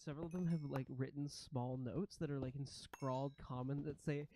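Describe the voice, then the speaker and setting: Casting: mid-pitched game master, narrates a tabletop game with frequent chuckles, faint hiss behind. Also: fairly even intonation, normal speed, mellow. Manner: chuckles often while narrating.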